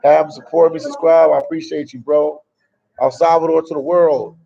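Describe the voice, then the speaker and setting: Muffled audio carries a fairly high, gravelly, dark-toned voice with flat delivery at a moderate pace. It belongs to a Memphis man on a travel livestream in a Salvadoran café, talkative and easygoing as he responds to viewer comments.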